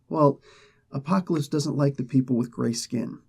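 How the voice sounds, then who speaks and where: Relaxed and rambling, a man recaps a comic book plot at normal speed, often breaking off to act out the characters' lines. His mid-pitched voice is mellow and dark, with vocal fry and a breathy edge.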